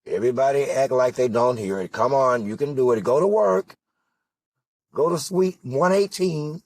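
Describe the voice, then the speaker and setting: A man's voice: medium pitch, normal speed, darkish tone, no echo. A man giving an impassioned political monologue, full of rhetorical questions and emphatic repetition. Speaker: political candidate.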